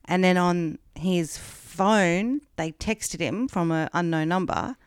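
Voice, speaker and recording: Frank, chatty Australian woman co-host; smooth voice, dry close sound. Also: lowish voice, slow, no echo. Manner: chatty, frank, swears, many fillers. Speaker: podcast co-host. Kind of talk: casual chat, retelling a true-crime story.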